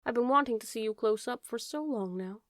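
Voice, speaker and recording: A woman's voice: on the high side, fairly quick, no echo, clean studio sound, natural voice. A woman voicing a curious, eager young male fawn who asks polite, wondering questions.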